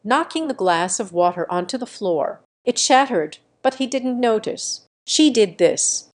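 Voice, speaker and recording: A woman reading a dramatic first-person family story as scripted narration, in a steady reading manner. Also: fairly high pitch, normal speed.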